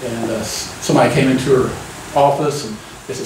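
A man preaching a conversational sermon, folksy and relaxed, often turning to the congregation with a quick "amen?". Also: medium pitch, slight background noise. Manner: folksy, keeps asking the crowd "amen?". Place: church sanctuary. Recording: echoey church room, mic at a distance.

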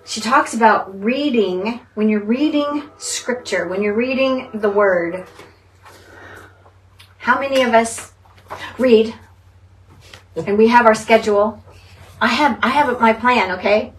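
A woman's voice: fairly high pitch, a little slow, long pauses. A woman teaching a Bible study group in a conversational style, earnest and dwelling on single words. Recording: distant mic, faint background noise.

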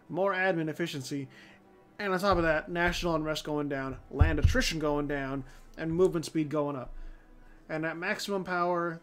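A man with a fairly high voice hosts a relaxed let's-play of a strategy game. He thinks out loud, swears often and trips over his own sentences. Soft music plays quietly underneath. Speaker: host of a strategy game channel. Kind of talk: casual let's-play commentary. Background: faint background music.

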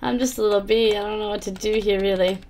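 A woman hosting a let's play, quietly reading game text and adding wry comments. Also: medium pitch, fairly even intonation, fast, a little hiss or hum.

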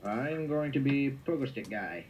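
A young man hosting a web show, chatting casually and stammering through quick restarts while he plays a game on a home mic. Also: mid-range voice, expressive, a little mellow, muffled recording. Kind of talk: casual gameplay commentary. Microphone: home mic that drops in level.

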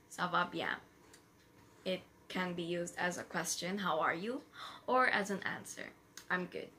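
A woman gives a casual vlog lesson at a very unhurried pace and repeats every phrase with care. Her voice sits a little low but has a bright, forceful edge. A faint hum of noise runs behind her. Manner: slow, repeats each phrase carefully. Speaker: amateur French tutor.

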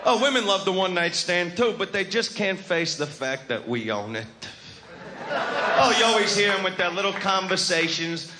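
A man's voice: high voice, very animated, moderate pace. A male stand-up comedian with a brash, crude, swaggering delivery, on stage before a live audience. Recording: live show with loud crowd laughter and noise.

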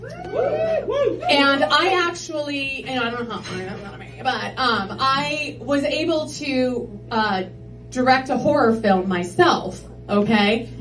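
A woman's voice: sits high, animated, slow, faint music behind. A woman doing a stand-up comedy set on a club stage, chatty and rambling with lots of filler words. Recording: roomy club from a distance, loud crowd.

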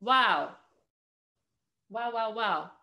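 Bright-voiced woman host. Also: fairly high pitch, expressive, drawn-out words. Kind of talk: interview hosting. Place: California.

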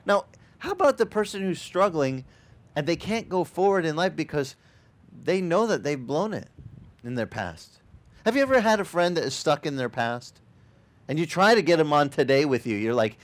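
Lively animated male pastor preaching. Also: a little high, moderate pace. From Sicilian family background. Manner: animated, acts out quoted voices. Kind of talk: sermon. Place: outdoor beach service.

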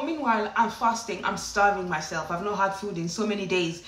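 Animated woman vlogger with a bright voice. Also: a little high, brisk. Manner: animated, dramatic, often laughing. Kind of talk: casual storytelling to camera. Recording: roomy echo, mic at a distance.

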